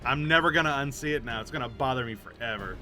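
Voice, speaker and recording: A man's voice: mid-range voice, fast talker, sharp tone, soft background music. A man streaming a game, talking casually with chatty, jokey asides. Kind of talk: casual gaming commentary.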